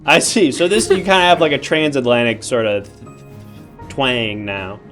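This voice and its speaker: A man's voice: medium pitch, fairly even intonation, normal speed, a bit bright, soft background music. A man hosting an improvised comedy show as a mock judge, with formal courtroom patter and a bemused tone. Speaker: host playing a judge.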